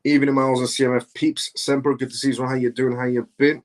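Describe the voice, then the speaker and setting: A man's voice: mid-range voice, little pitch movement, fast talker. A man hosting a live stream, reading out viewer comments and answering questions in a casual, repetitive conversational way.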